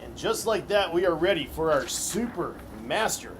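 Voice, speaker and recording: A male race announcer with a slightly high voice calls the action in clipped, rhythmic bursts. He rallies the crowd between laps and drivers. It is live commentary from a kart track. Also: expressive, normal speed, background noise. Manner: punchy rhythmic race calling, crowd-rousing introductions.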